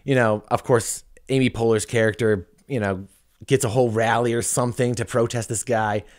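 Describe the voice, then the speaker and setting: Man, podcast host, casual chat, jokey, rambling, mid-pitched voice. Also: steady tone, moderate pace. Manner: jokey, laughs at his own jokes.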